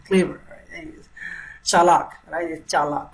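A man with an Indian accent giving a Hindi language lesson, repeating each word slowly and drawing out its syllables. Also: sits high, far from the mic, low-quality recording. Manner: slow, repeats words with drawn-out syllables. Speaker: Hindi teacher.

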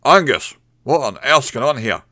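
A man voicing a huge, impatient hotel owner who speaks in a gruff, booming voice in a story reading. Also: moderate pace, sharp tone, no room sound, clean studio sound. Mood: scolding.

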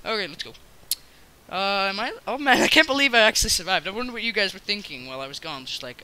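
A young man hosting a casual gameplay video, rambling and excitable, with bursts of shouting at other players. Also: sits high, fast talker, smooth. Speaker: gaming channel host.

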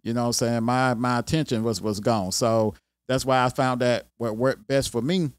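A man's voice: mid-range voice, fairly even intonation, moderate pace, no echo. A man with a Southern country accent hosting an IT career video, talking casually and rambling with lots of "you know what I'm saying.". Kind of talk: casual talk to camera.

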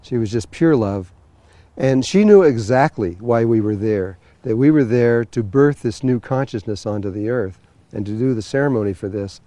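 A man's voice: medium pitch, animated, normal speed, dark tone, no room sound. A man telling a long personal story to an audience, rambling with many fillers and restarts. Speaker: spiritual teacher telling a story. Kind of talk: storytelling talk.

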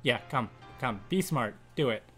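A man's voice: mid-range voice, lively intonation, normal speed, a bit bright, faint music behind. A young man, live streaming a game and chatting casually with viewers, greeting and teasing them as he reads the chat. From Canada.

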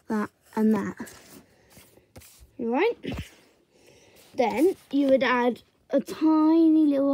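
Young woman, drawing tutor, unhurried and chatty, narrates step by step. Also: on the high side, warm tone, slight background noise.

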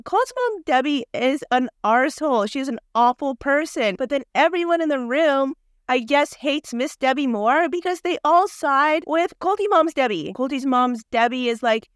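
A woman's voice: high voice, expressive, normal speed, no echo, studio quality. A woman casually recapping a reality TV show, sarcastic and gossipy.

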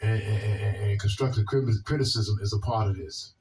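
A man's voice: lowish voice, fairly even intonation, fairly quick, darkish tone, distant mic, a little hiss or hum. A man with a Washington, D.C. accent hosting a video, answering viewer comments in a blunt, profane way and often repeating himself. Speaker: video host.

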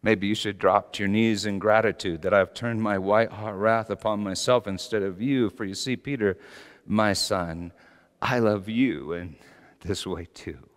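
God, as a preacher puts him on, speaks as a tender, loving father in a quiet, gentle voice. The words hang in the long reverb of a large hall. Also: on the low side, unhurried, natural voice. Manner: quiet, gentle, searching questions.

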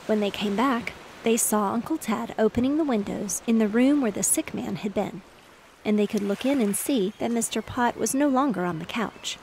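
A woman narrating a bedtime story in a gentle, even, soothing way. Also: on the high side, normal speed, a little hiss or hum.

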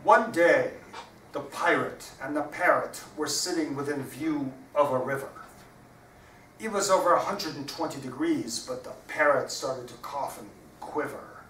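A man giving a live reading of his own comic verse with a dry, deadpan delivery. His voice is bright and clear. He sounds distant in a reverberant hall, with a faint hiss underneath. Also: mid-range voice, a little slow. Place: lecture hall.

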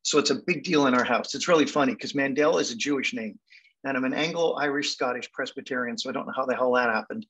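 A man in his seventies from England with a Canadian accent, telling personal stories as a guest speaker in a wry, animated way. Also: medium pitch, fast talker, slight background noise, low-quality recording. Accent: Canadian English. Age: 70s. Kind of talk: storytelling talk.

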